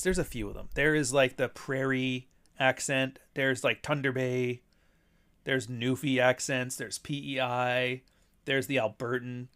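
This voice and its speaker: A man's voice: medium pitch, fairly bright tone. Profane ranting man in casual chat. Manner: chuckles between points.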